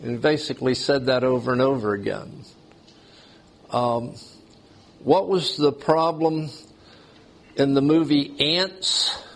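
A man's voice: mid-range voice, takes it slowly, creaky, long pauses. A man preaching a sermon, asking the congregation questions as he goes. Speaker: pastor.

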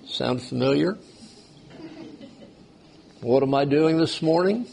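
A man's voice: on the high side, takes it slowly, creaky, long pauses. A man preaching a sermon, asking the congregation questions as he goes. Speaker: pastor.

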